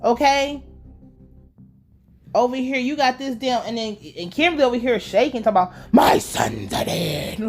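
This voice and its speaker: A woman's voice: sits high, brisk, pauses often, soft background music. A young woman giving a casual, slangy episode recap, ranting with lots of swearing. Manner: profane, slangy, fired-up ranting. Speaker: TV show reviewer.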